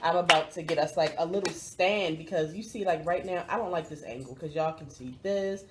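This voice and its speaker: A woman's voice: lowish voice, fairly quick, very noisy. A woman from Baltimore chatting to camera as a vlog host, cursing freely and talking straight to her viewers. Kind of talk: casual chat to camera.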